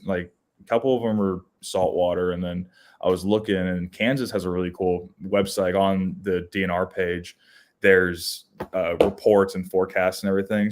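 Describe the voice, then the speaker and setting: A young man co-hosting a podcast, telling casual outdoor stories with lots of restarts and fillers. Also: low-pitched. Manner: rambling, animated storytelling with many restarts. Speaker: podcast co-host. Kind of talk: casual storytelling chat.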